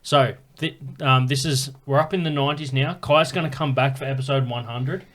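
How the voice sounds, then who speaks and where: A man's voice: mid-range voice, fairly even intonation, brisk, fairly bright tone. A man hosting a comedy podcast, reacting with loose, crude quips. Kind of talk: casual chat.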